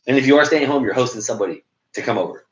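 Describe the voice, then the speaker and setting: A man co-hosting a casual podcast chat, blunt and quick to swear. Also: expressive. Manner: fast, blunt, swears freely. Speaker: podcast co-host. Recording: roomy, dull low-fi sound.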